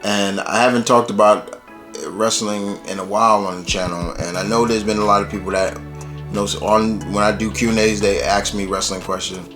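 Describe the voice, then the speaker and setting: A man's voice: fairly low pitch, level tone, normal speed, music in the background. A man from New York hosting his own channel, chatting loosely about wrestling with lots of fillers. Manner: loose, rambling, many fillers. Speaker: YouTube host. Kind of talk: casual wrestling commentary vlog.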